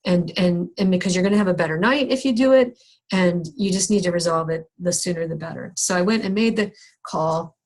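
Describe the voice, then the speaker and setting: A middle-aged woman with a slightly low voice tells a personal story to a workshop group. She is candid and self-deprecating, stumbling and restarting as she talks things through. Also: brisk, darkish tone. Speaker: counselor teaching a skills session.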